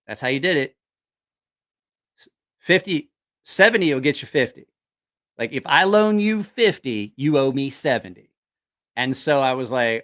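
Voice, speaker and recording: A man casually telling profane, animated stories, acting out other people's voices. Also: on the high side, a little fast. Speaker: host. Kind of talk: casual storytelling.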